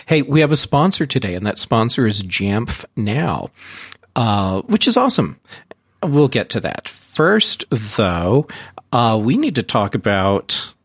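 Lively, husky man hosting a podcast. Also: medium pitch, unhurried, dry recording, studio quality. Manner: teasing, animated. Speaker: podcast host. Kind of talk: casual tech podcast chat.

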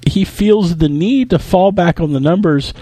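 A man's voice: high voice, moderate pace, mellow, no echo. A man co-hosting a casual tech podcast, thinking aloud in an analytical way. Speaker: podcast co-host.

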